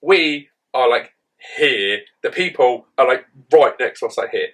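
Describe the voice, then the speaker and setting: Bright-voiced young man, rambling. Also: medium pitch, measured pace, rough recording. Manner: rambling, heavy use of "like", animated retelling. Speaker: podcast co-host. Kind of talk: casual storytelling chat.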